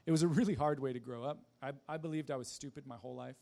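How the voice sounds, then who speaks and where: A man giving a personal testimony in a casual, halting way, with many fillers, restarts and self-deprecating laughs. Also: mid-range voice, gravelly, warm tone.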